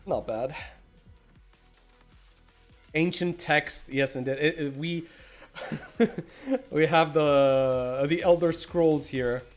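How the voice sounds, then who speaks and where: A man's voice: a little high, slow, long pauses, faint music behind. A man streaming a game, chatting casually, greeting viewers by name and snacking as he talks. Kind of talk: casual livestream chat.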